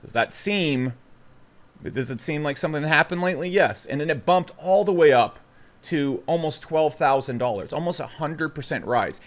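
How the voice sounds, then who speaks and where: A young man talking bluntly and excitably to camera about the markets, stumbling over his words. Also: on the high side, moderate pace. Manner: blunt, brash and excitable, with stutters and restarts. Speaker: crypto commentator. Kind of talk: casual opinionated talk to camera.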